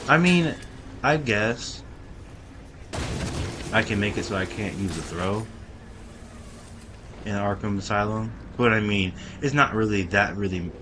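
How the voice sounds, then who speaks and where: A man giving casual let's-play commentary, rambling and talking straight to his viewers, often breaking into excited exclamations. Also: on the low side, background noise. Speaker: gameplay commentator.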